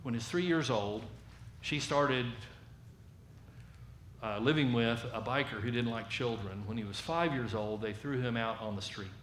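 A man's voice: medium pitch, normal speed. Southern guy preaching, tells it like a story and acts out voices, echoey room w a bit of hiss. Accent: Southern American. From American South. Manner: animated storyteller acting out quoted voices. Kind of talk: storytelling sermon.

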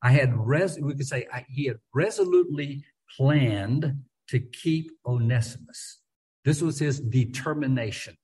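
A man with a husky, slightly rough voice teaches a relaxed Bible study. He talks in a loose, conversational way, stumbling and repeating words as he thinks, and presses firmly on the words he wants to stress. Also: medium pitch, a little slow, low-quality recording.

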